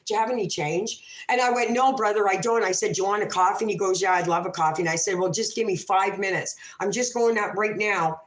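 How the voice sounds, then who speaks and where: A woman's voice: medium pitch, fast, hardly any pauses. Rambling swearing woman in an echoey room. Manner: rambling, self-interrupting, swears freely. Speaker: livestream host. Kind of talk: emotional casual livestream storytelling.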